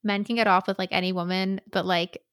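A young woman co-hosts a casual book podcast and retells scenes in an animated way, full of fillers and blunt swearing. Her pitch is middling. She sounds dry and close to the mic. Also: a little fast, clear, resonant tone, no room sound. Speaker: podcast co-host.

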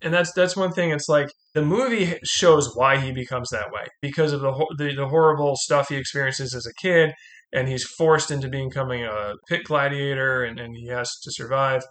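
A man's voice: medium pitch, moderate pace. A middle-aged man hosting a podcast, chatting casually about a film and animatedly acting out its quotes. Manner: animated, acts out movie quotes. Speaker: podcast host.

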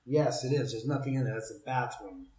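A man telling a long story in casual conversation, heated, profane and animated. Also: medium pitch, brisk. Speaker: storyteller, homeowner with a haunted house. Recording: roomy echo.

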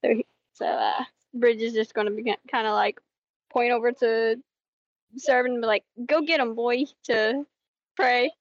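A woman playing a tabletop role-playing game, giggly, swearing and thinking out loud. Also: fairly high pitch, level tone, normal speed, pauses often, no room sound, muffled recording. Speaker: player. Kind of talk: casual tabletop game play.

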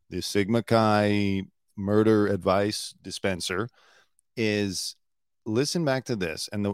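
A man hosting a casual true-crime talk show, with a somewhat low voice. He rambles and restarts his sentences often. The sound is close and dry, with no room around it. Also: no echo. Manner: chatty, rambling, with frequent restarts. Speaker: podcast host.

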